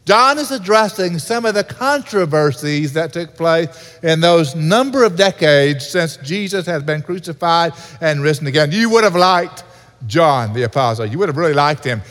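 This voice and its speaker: A pastor delivering an earnest sermon in a church, repeating key points for emphasis. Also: male voice, fairly high pitch, animated, moderate pace, fairly bright tone. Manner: earnest preaching with repetition. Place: church sanctuary. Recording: reverberant hall.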